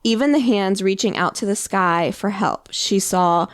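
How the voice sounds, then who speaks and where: A woman's voice: medium pitch, unhurried, dry recording, studio quality. A woman co-hosting a podcast, casually retelling a story with many fillers. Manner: relaxed, filler-heavy retelling. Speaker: podcast co-host.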